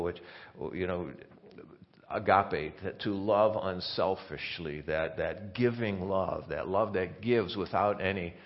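A man preaching a conversational sermon as pastor, talking in a halting way with many restarts and asides. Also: deep voice. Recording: dull lo-fi sermon recording.

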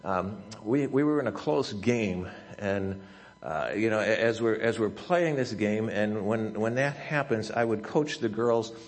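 A man preaching a sermon as a pastor, telling a story in a halting way with many restarts and fillers. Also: on the low side, darkish tone. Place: church sanctuary.

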